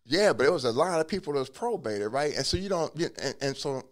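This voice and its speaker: A man telling his life story in a relaxed interview, acting out what people said to him. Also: a little high, fast. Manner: acts out quoted dialogue in a lively way; casual, drops curse words. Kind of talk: conversational storytelling.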